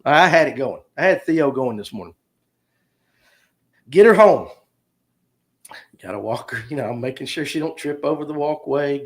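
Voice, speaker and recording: A man, hosting a livestream and telling a rambling, jokey story straight to his viewers. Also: mid-range voice. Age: 50s. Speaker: podcast host.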